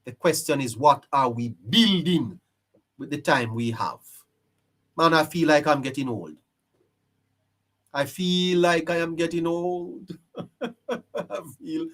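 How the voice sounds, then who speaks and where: A man's voice: a little high, a bit bright. A man hosting a live-stream political commentary, emphatic and preachy, repeating his phrases for effect. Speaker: live-stream show host.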